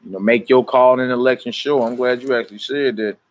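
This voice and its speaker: A man's voice: mid-range voice, fast talker. Laid-back man preaching in street slang. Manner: relaxed street slang, addresses viewers by name. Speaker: minister teaching scripture. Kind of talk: casual livestream sermon.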